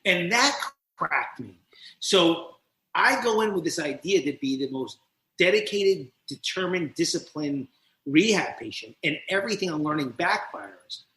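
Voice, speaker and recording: A man from New Jersey tells his own story as a podcast guest, lively and quick, acting out each scene. His voice sits a little high and rings bright and forceful. The sound bounces around an echoey room. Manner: animated, quick, acts out scenes as he tells them. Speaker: podcast guest, speaker and coach. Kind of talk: candid storytelling in conversation.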